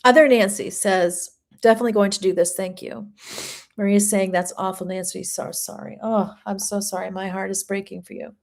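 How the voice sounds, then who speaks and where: Woman, from Maine, livestream host, casual chat, reads out comments, warm replies, middle pitch. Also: fairly even intonation, normal speed, creaky. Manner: chatty, reads viewer comments aloud and answers them warmly. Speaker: home and lifestyle channel host.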